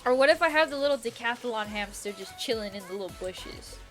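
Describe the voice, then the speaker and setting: A woman's voice: a little high, expressive, fairly quick, faint music behind. A young woman streaming a game, chatting casually, giggling often, with slang and swearing. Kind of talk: casual chat while gaming.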